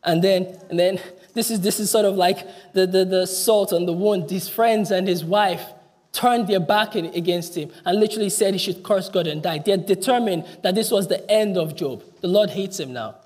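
A man with a high voice preaches earnestly, restarting phrases as he goes. His words trail into a long church reverb. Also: moderate pace, a little mellow. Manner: earnest, restarts often, voice drops low on quoted cries. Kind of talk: sermon. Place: church hall.

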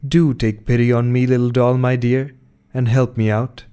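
A man reading a gentle frightened young girl. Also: medium pitch, level tone, normal speed, smooth, lightly acted. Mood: pleading.

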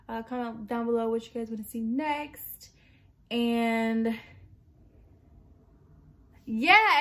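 Young woman, pregnant, a bit out of breath, rambling casual chat, somewhat high voice. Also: a bit bright. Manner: chatty, rambling, laughs often. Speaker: vlogger.

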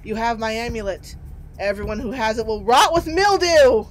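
A woman's voice: on the high side, normal speed, natural voice, poor audio. A woman reading a mournful murdered ghost woman.

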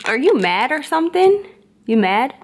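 A woman's voice: sits high, sing-song, normal speed, a little hiss or hum. A young woman, teasing her boyfriend in a casual prank vlog and asking the same questions again and again. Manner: teasing, playful, repeats questions. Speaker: vlogger.

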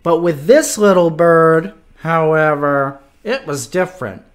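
A man reading a picture book aloud to children, playful and animated, stopping to make animal noises. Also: fairly high pitch, a little slow. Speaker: children's story reader.

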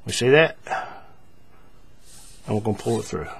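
A man gives an unhurried, stepwise paracord lesson, narrating each action with lots of fillers and repetition. His voice is lowish at normal speed, with a slight hiss or hum in the recording.

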